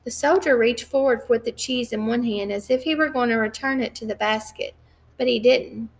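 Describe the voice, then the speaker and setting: A woman reads a novel aloud at a measured pace, now and then stumbling and restarting a phrase. Her voice sits a little high and carries some gravelly fry. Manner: measured, occasional slips and restarts. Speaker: reader.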